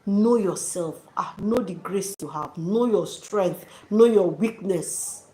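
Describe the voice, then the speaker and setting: A woman's voice: on the low side, slow, warm tone. Encouraging woman in an echoey room. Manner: encouraging, preachy, addresses viewers as dearies and sis. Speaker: YouTube channel host. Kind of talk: casual motivational talk to viewers. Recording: echoey room with faint noise.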